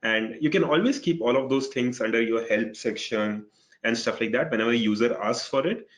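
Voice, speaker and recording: A man's voice: medium pitch, fairly quick. A man co-presenting a webinar on a video call, explaining casually and often adding "right?".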